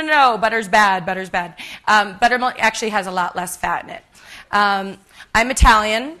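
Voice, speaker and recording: Bright-voiced, chatty woman chef demonstrating. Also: mid-range voice. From United States. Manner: chatty and self-deprecating, many ums, laughs at herself. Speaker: chef giving a cooking demonstration. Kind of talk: live cooking demonstration to an audience. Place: conference stage before a live audience.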